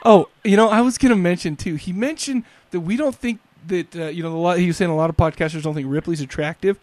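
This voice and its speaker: A man's voice: high-pitched, quick pace, darkish tone, no echo. A married man hosting a podcast, rambling and self-deprecating in casual chat. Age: adult, married. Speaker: podcast host.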